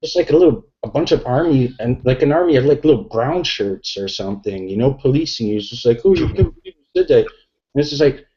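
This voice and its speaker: A middle-aged man, a few beers in, rambles crudely through a casual podcast chat, leaning on fillers. His voice is dark and mellow. The sound is dull and lo-fi, like an online call. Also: medium pitch, a little fast. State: tipsy from drinking beer. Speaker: podcast guest.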